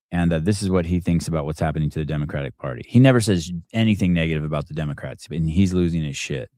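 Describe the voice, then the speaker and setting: A man hosting a call-in podcast, talking in a pushy, animated way with some swearing. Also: sits low, rapid-fire, hardly any pauses, no echo, clean studio sound. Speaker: podcast host. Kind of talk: casual call-in show chat.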